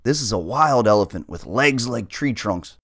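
A man's voice: medium pitch, expressive, moderate pace, fairly bright tone, dry recording, clean studio sound. A man voicing a fearful young female cat in a storybook, gloomy and dramatic about every danger. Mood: dramatic dread.

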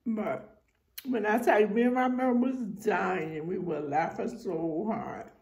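A woman with a New York accent tells family stories for her vlog at an unhurried pace, her voice gravelly and full of fry. She tells them in an animated way and acts out the people in them. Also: medium pitch, slight background noise. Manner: animated storyteller acting out voices. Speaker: mother telling family stories. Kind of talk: casual storytime vlog.

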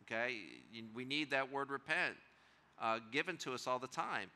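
A man, a pastor leading a Bible study, teaching in a conversational way, asking the room questions and slowing down to stress key words. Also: medium pitch, sharp tone. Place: church room with a seated group.

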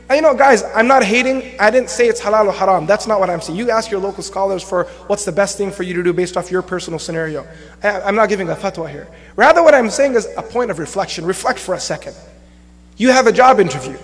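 A young man with a high-pitched voice preaches as an imam, animated and conversational, slipping into acted-out quotes for laughs. His voice rings through a mosque hall with a long reverb tail. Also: fast. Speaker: imam and lecturer. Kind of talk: sermon.

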